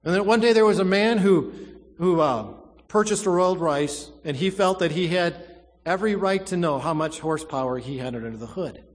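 A man's voice: sits high, long reverb tail. Preacher man with dramatic rise and fall. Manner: dramatic preaching, swells loud then drops to a hush, slow emphatic stresses. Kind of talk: sermon.

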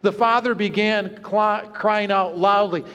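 A man preaching a sermon in a church, earnest and storytelling, dropping to hushed low tones at moments. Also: fairly even intonation, measured pace, clear, resonant tone, big-room sound. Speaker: pastor. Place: church sanctuary.

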